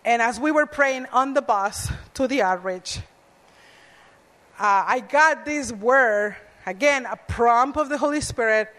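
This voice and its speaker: A woman preaches slowly and earnestly in a high voice, telling a personal story with the odd self-deprecating aside. Her voice carries a long hall reverb, as in a large church. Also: a bit bright.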